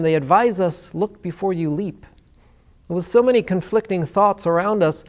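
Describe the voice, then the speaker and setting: A man narrating a documentary and interviewing, measured and reflective, posing rhetorical questions. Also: sits high, darkish tone.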